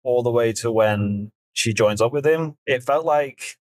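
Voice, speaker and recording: A man's voice: mid-range voice, unhurried, darkish tone, dry recording, clean studio sound. A middle-aged man co-hosting a podcast, chatting casually, rambling and trailing off with frequent laughs. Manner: rambling, laughs often, trails off mid-sentence. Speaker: podcast co-host. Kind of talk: casual chat.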